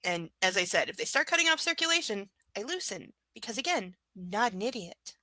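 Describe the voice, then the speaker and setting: A woman's voice: mid-range voice, very animated, fairly quick, sharp tone, no echo, rough recording. A woman streaming a live reading of a novel, breaking off for chatty, joking asides. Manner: chatty, jokey asides between passages. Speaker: livestream reader.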